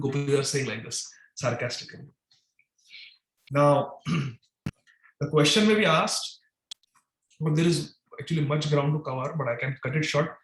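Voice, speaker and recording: Animated male devotional lecturer, echoey room. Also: fairly high pitch, normal speed, long pauses. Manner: animated, dramatic, voices the gopis' sarcastic questions. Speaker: speaker giving a scripture class. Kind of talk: devotional lecture with chanted Sanskrit verses.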